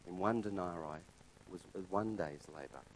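A man preaching a sermon in a conversational way, retelling a parable with loud, lively stretches and quiet, soft points of emphasis. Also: low-pitched, normal speed, a little hiss or hum, low-quality recording.

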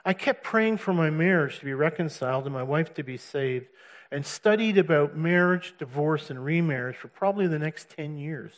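A middle-aged man with a fairly high voice gives a personal faith testimony. He tells it as a story and builds to animated peaks. He slips into the voices of the people he quotes. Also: normal speed. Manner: storytelling, acting out quotes, chuckling, rising animated. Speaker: testimony speaker.

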